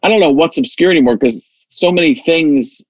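A man talking casually as an interview guest, animated and full of restarts. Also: on the high side, a little fast, no room sound. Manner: animated, stammering restarts, acts out voices. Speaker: impressionist guest.

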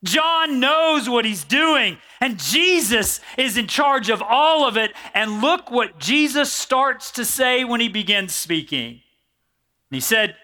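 A man preaching a sermon, reading scripture aloud in an animated way and joking with the congregation. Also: very high voice, slow pace. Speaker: pastor.

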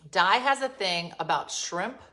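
A woman's voice: mid-range voice, expressive, a little slow, pushed and bright. A woman hosting a casual livestream from her home, chatting with viewers and telling exasperated stories. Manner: chatty, storytelling, exasperated asides. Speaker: livestream host. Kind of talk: casual live chat with viewers. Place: her home, being renovated. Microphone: phone.

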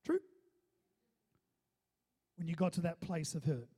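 A male pastor with a high, mellow, husky voice preaches a sermon at a fast clip. He keeps calling on his listeners for a response and repeats words as he goes. The audio has a long hall reverb.

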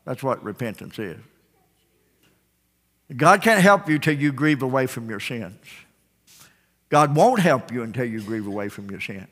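A man preaching a revival sermon to a congregation, emphatic and repetitive, swinging from loud calls down to hushed endings. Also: mid-range voice, expressive, measured pace, pauses often. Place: church sanctuary with congregation. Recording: long church-hall reverb.

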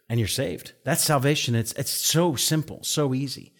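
A middle-aged man, a pastor, preaching in a chatty storytelling way, his voice jumping up for quoted outbursts and dropping soft and low on serious points. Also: moderate pace, few pauses. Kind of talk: conversational sermon.

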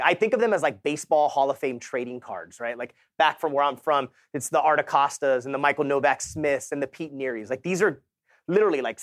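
This keynote speaker is a man in his thirties from Southern California with a voice on the high side, recorded dry in studio quality. His motivational sales talk is animated storytelling in casual slang, with him acting out each person he quotes.

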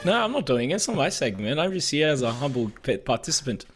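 A man heckles and teases his co-hosts in a lively, up-and-down voice. Faint music hums beneath the chat. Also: medium pitch, fast talker, slightly rough. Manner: teasing, heckling. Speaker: podcast co-host. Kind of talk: casual chat.

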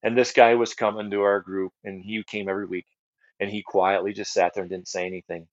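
This guest ministry leader, a middle-aged American, speaks briskly in a lowish, level voice. His earnest podcast testimony is full of fillers and repeated phrases, and the recording is dry and a bit dull.

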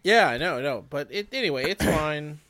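A man's voice: a little high, expressive, moderate pace, bright, forceful tone, no echo. Easygoing midwestern man chatting casually. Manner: rambling, restarts often, easygoing. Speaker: podcast co-host. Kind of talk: casual chat.

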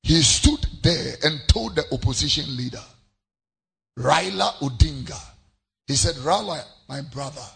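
A man with a Ghanaian accent preaching a sermon, repeating his phrases and breaking into sudden shouts. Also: on the high side, lively intonation, a little slow, gravelly, long pauses, husky. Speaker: pastor.

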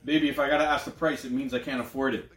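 A man hosting a casual movie review podcast, rambling and excitable. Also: medium pitch, very fast, echoey room. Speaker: podcast host.

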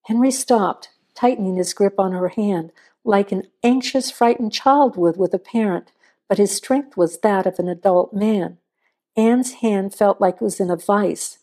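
A woman narrating a suspense story in a measured, suspenseful reading. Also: mid-range voice, warm tone.

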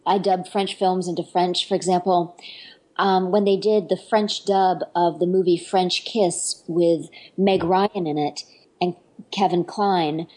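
A woman's voice: on the low side, steady tone, measured pace, darkish tone, poor audio. A middle-aged woman, an actress and dialect coach, chatting eagerly in an interview with lots of fillers and restarts. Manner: enthusiastic, rambling, many fillers and restarts. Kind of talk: casual interview chat.

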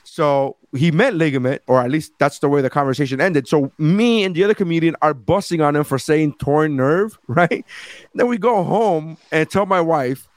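A man's voice: on the high side, normal speed, no room sound. A man co-hosting a comedy podcast, telling a story in casual chat and acting out what people said. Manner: animated storytelling with acted-out quotes. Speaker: podcast co-host; comedian and parent.

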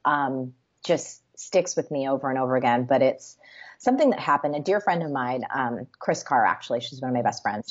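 A woman hosting a show and telling stories in an animated, chatty way, acting out quotes as she goes. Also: very deep voice, breathy edge. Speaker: show host and business coach. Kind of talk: conversational storytelling. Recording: slightly muffled lo-fi audio.

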